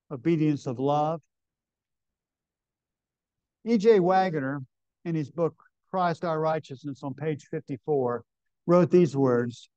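A man preaches in a fairly high voice, emphatic as he reads scripture aloud. He keeps putting questions to the congregation. The recording is dry and dull, with a lo-fi sound. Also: mellow, no echo. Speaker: pastor. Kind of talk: sermon. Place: camp meeting.

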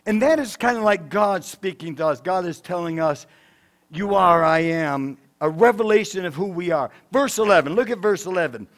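Pastor, male, high-pitched tenor, emphatic preaching that swings loud to soft. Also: lively intonation, brisk, hardly any pauses. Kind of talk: sermon. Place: church sanctuary.

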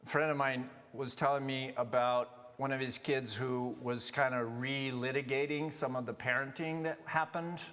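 A male pastor preaching a sermon in a conversational, halting way, with many restarts and fillers. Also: medium pitch, steady tone, fairly bright tone. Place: church sanctuary. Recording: long reverb of a church hall.

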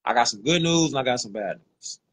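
A man hosting a livestream on his phone, talking in a slangy, animated way and repeating lines for emphasis. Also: medium pitch, a little fast, husky. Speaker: livestream host. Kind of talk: casual livestream rant.

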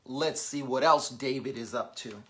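A woman reading a picture book aloud to young children, animated and constantly asking the listeners questions. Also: rumbling low, normal speed.

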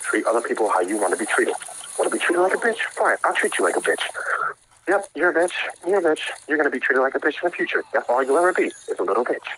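A man's voice: medium pitch, sing-song, fast talker, a bit bright, breathy edge, poor audio. A young man streaming a video game, swearing and ranting in frustration at his opponent. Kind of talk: live gameplay commentary.

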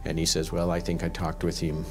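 Deep-voiced man recalling an interrogation. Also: monotone, brisk. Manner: plain-spoken storytelling, often retelling dialogue. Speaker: police investigator. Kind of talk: interview recollection. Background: documentary music.

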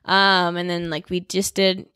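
A woman's voice: fairly low pitch, flat delivery, measured pace, pushed and bright, smooth, dry recording, clean studio sound. A young woman from California, a guest actor and comedian, chatting casually and rambling with lots of filler words. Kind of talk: casual interview chat.

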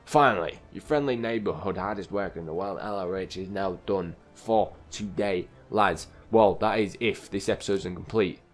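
A young man casually commentating his video game play, chatty and quick to get exasperated at the characters on screen. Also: sits low, soft background music. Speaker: gaming channel host.

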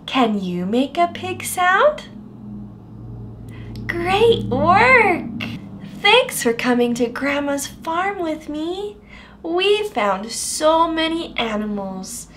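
A young adult woman teaching toddlers in an exaggerated sing-song way, with big gasps and drawn-out words. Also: very high-pitched, sing-song, a bit bright, slight background noise. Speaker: children's speech educator.

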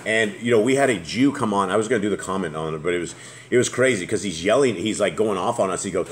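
Low-voiced man leading a scripture study. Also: lively intonation, fast, slight background noise. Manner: reads verses aloud and comments, chatty. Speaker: host of a Torah study show. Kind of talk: casual scripture study discussion.

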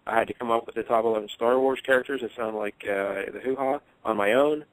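Fast-talking man with dry teasing banter. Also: medium pitch, no room sound, low-quality recording. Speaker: co-host. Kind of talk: casual comedic chat.

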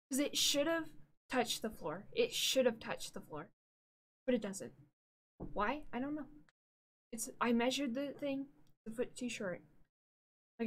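Bubbly young-sounding woman streamer. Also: fairly high pitch. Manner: bubbly and easily distracted, excited squeals. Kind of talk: casual live-stream chat. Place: home room with green screen.

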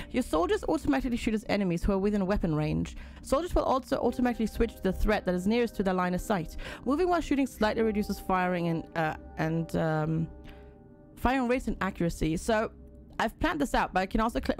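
A woman's voice: mid-range voice, expressive, fairly quick, gravelly, faint music behind. A woman casually commenting on a game during a live stream, reading on-screen tutorial text aloud and chatting with and thanking viewers.

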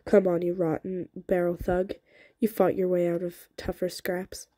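Bold young soldier woman, teasing and urgent, a woman reading her lines, low mellow voice, storybook reading. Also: monotone, measured pace, no room sound, studio quality.

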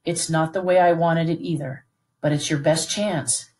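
In a low, darkish, natural voice with a steady tone and normal speed, a woman reads aloud. She portrays a steady, protective middle-aged British plantation father earnestly reassuring his son.

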